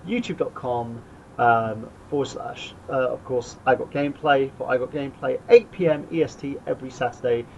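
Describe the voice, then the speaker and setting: A man's voice: medium pitch, moderate pace. A man hosts a casual podcast and rambles through his plugs with plenty of fillers. The audio is dull and lo-fi, with a faint hiss underneath. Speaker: podcast host.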